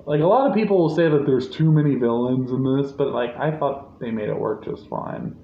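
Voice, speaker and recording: A man in casual podcast chat about a movie, animated and laughing often as he acts out scenes. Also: medium pitch, fairly quick. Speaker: podcast co-host. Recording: muffled echoey room with faint hiss.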